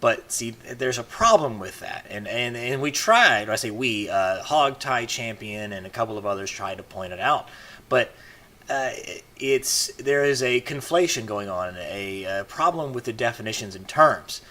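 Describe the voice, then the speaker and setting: A man's voice: medium pitch, lively intonation, moderate pace, sharp tone. A man giving casual, rambling commentary as a vlogger, full of "you know" fillers and restarts.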